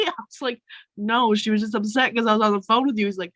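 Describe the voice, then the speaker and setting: A woman guest on a podcast, in casual chat, quick to laugh. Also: on the high side, a bit bright, dry recording, rough recording. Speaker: guest, school para.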